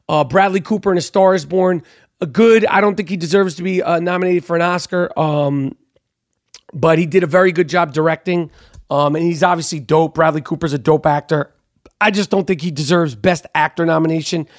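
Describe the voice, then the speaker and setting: A man's voice: sits high, no echo, studio quality. A man giving blunt, brash award predictions in a casual monologue, full of fillers and emphatic repeats.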